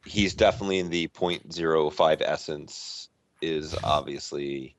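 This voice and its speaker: A man's voice: extremely low pitch, unhurried. A man playing a tabletop role-playing game over voice chat, playful and teasing. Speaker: player.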